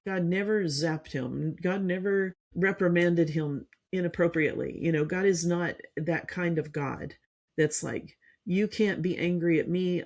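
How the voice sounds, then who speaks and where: A woman hosting a faith-based parenting podcast, talking in a calm, earnest teaching manner and working through her points one by one. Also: sits low, creaky. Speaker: podcast host.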